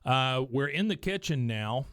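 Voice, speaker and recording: A man recaps a cartoon episode scene by scene in a relaxed, chatty podcast voice, his pitch sitting in an ordinary middle range. The sound is dry and close, with no room around it. Now and then he lifts his voice to quote the characters. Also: measured pace, clear, resonant tone, no echo. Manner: retells scenes, briefly lifting his voice for quoted lines. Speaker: podcast co-host.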